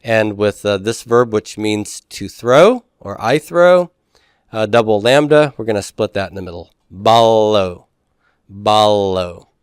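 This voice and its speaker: A man's voice: lowish voice, expressive, moderate pace, dry recording, clean studio sound. A man lecturing a class on Greek pronunciation and syllable division, explaining step by step and often checking in with his listeners. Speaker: Greek teacher.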